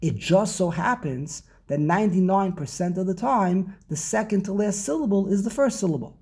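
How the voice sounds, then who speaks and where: A man teaching an informal Torah class, explaining slowly and often repeating and restarting his words. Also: high-pitched, animated, gravelly, darkish tone, slightly rough.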